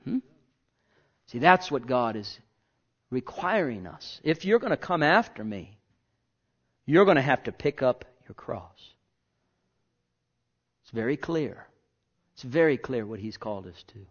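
A man preaching a sermon as pastor, swinging between loud declarations and hushed asides and pressing the listeners with rhetorical questions. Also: medium pitch, big pitch swings, unhurried, long pauses. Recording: dull lo-fi recording.

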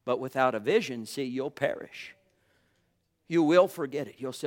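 A man preaching a sermon, fervent, swinging from loud exclamations to hushed asides and calling out to the congregation. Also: mid-range voice, moderate pace. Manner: calls out to the congregation and chuckles often.

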